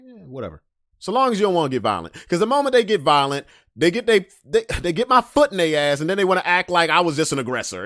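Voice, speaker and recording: A man hosting a casual solo podcast and reacting to memes. He talks bluntly and profanely, swinging between loud emphasis and low asides. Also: no echo, studio quality. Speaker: podcast host.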